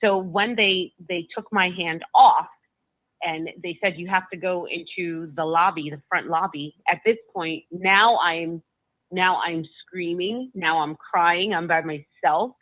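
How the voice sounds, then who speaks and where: A woman guest retells a personal story in an emotional, halting way, stumbling over and repeating her words. Her voice comes through a narrow, tinny line that sounds like a phone call. The sound is dry, with no room echo. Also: on the low side.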